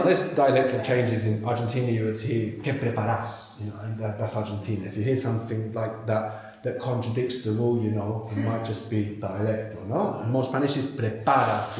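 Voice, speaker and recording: A man leads a live language workshop in a very echoey hall, his voice bouncing around the room. He is animated, drawing words out slowly and repeating them so they sink in. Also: fairly low pitch. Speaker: language teacher. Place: large echoey venue with live audience.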